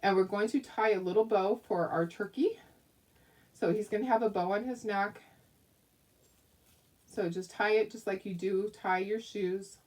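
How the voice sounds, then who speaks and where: A woman's voice: mid-range voice, a little slow, long pauses, a little mellow. Bubbly lady doing a craft tutorial at home, giggles a lot, mic kinda far off. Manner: chatty and giggly, talks to viewers. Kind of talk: casual craft demonstration.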